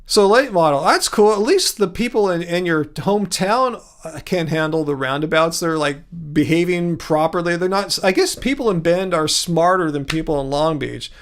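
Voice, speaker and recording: A man with a high voice chats casually on a livestream, wandering from point to point. He is from California and laughs easily as he talks with viewers. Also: normal speed. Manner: rambling, chatty, laughs often, digresses. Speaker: livestream host. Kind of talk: casual livestream chat reading comments.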